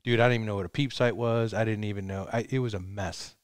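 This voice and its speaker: A man's voice: fairly low pitch, quick pace, clean tone. A man in his fifties chatting casually, telling stories with energy and acting out what he said back then. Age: 50s. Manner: animated storyteller who acts out his own quotes. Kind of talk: casual chat.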